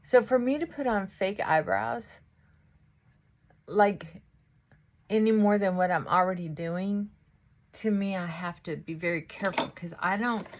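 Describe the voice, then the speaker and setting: A woman's voice: medium pitch, a little hiss or hum. A middle-aged woman chatting casually to viewers while she does her makeup at home. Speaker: beauty vlogger. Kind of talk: casual get-ready-with-me chat.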